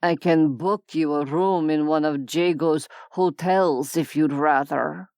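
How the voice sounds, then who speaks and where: A woman's voice: low voice, slow, a little mellow, no echo, studio quality. A woman voicing a tired male commander who talks in a weary, matter-of-fact way, in an audiobook. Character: exhausted, steady male commander.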